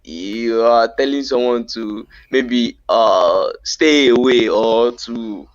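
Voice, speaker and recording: A man chats over a voice call, explaining slang with patient repeats and restarts. His voice sits at a medium pitch and sounds dry, with a dull, lo-fi quality. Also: takes it slowly, no room sound. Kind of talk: casual chat teaching slang.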